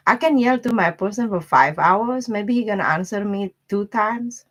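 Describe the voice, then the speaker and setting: A woman's voice: medium pitch, moderate pace. A woman giving a casual live-stream tarot reading, talking bluntly in loose, broken grammar and laughing often. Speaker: tarot reader.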